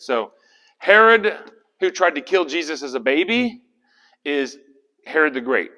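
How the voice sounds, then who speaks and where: A man's voice: on the high side, animated, normal speed, pushed and bright. A man leading a casual Bible study in a folksy, conversational way. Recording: reverberant hall.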